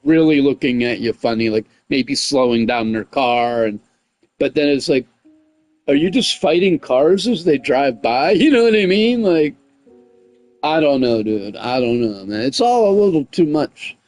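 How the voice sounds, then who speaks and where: A man's voice: mid-range voice, lively intonation, unhurried, faint music behind. A man chatting casually on a gaming livestream, rambling with lots of "like" and "you know what I mean", and getting heated as he tells a story. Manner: gets heated and loud when retelling conflicts.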